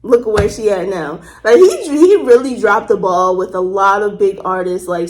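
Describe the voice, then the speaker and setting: A woman's voice: medium pitch, darkish tone. A woman hosting a casual reaction video, chatty, exclaiming often and laughing easily. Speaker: host reacting to a documentary.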